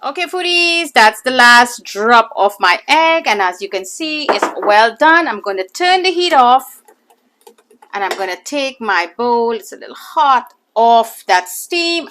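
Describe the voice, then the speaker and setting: A woman's voice: a little high, animated, measured pace, pushed and bright. Chatty woman cooking host. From Caribbean islands. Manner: chatty, addresses viewers as foodies, pleading emphasis. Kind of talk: casual cooking demonstration.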